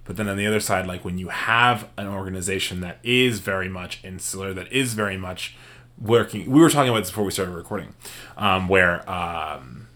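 Deep-voiced man hosting a casual radio talk. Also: a little fast, sharp tone. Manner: rambling, searching for words. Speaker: radio show host. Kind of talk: casual conversation.

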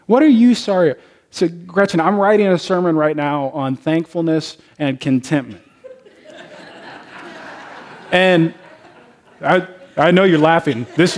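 A man, a pastor, preaching a sermon and telling personal stories in a conversational way. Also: on the high side. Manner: conversational storytelling, personal anecdotes.

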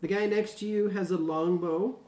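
A game master narrating a tabletop game, unhurried and laughing easily. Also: mid-range voice, steady tone, recorded from a distance, a crowd in the background. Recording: echoey room with faint hiss.

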